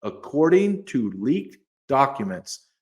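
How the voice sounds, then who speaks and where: A man co-hosting a podcast in casual chat, animated and quick to get excited, sometimes reading quotes aloud. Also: mid-range voice. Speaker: podcast co-host.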